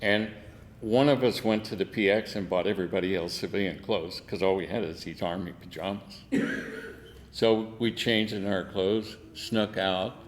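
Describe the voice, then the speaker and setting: Older guy, lowish voice, salty army stories with lots of laughing, some room echo. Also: steady tone, moderate pace, slight background noise. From United States. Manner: salty, laughing anecdotes with acted-out quotes. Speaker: veteran interviewee. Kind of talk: oral history storytelling.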